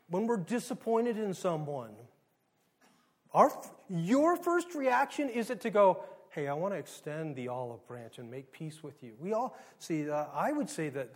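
A male pastor in middle age delivers a sermon, his voice sitting high for a man. He talks in a chatty way, throws questions at the congregation, and sometimes jumps suddenly louder. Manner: conversational preaching with rhetorical questions and sudden rises in volume.

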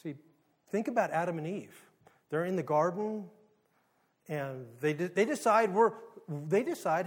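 High-voiced man preaching in a conversational way. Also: animated, unhurried. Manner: conversational preaching with rhetorical questions and sudden rises in volume. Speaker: pastor. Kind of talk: sermon.

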